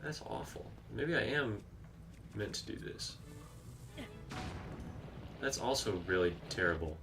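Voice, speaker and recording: A man's voice: lowish voice, animated, slow, creaky, over music. A man streaming a video game, chatting casually, reacting aloud to the action and reading out viewer comments. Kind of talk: live gameplay commentary.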